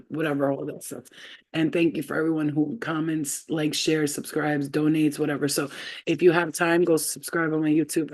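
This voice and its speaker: On a casual livestream, a woman with a deep, darkish voice reads spiritual messages. She drifts loosely from thought to thought without a script, her speech full of fillers and trailing asides.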